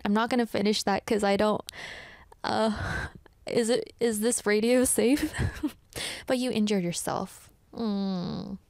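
A woman's voice: on the high side, dry recording. A young adult woman hosting a radio show, chatting casually and teasing as she reads listener messages. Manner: playful teasing, animated, quick asides. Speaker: radio host.

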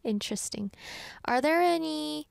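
A woman's voice: sits high, unhurried, vocal fry, no echo, clean studio sound. Bubbly young woman radio DJ. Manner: bubbly, animated, giggly. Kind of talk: casual radio chat, reading listener messages.

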